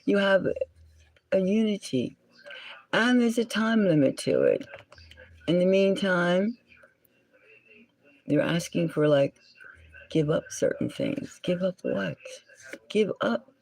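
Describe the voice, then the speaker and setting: Unhurried and gravelly, this tarot reader and channel host does a solo reading with a pitch that swoops up and down, animated yet a little mellow. Musing and self-correcting, she frequently drops to a whisper while faint music plays behind a low-quality recording.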